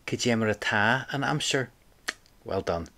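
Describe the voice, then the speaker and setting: A man's voice: medium pitch, lively intonation, measured pace, creaky, sharp tone. A man teaching an audio language lesson, patiently prompting the listener and repeating phrases for them to say back.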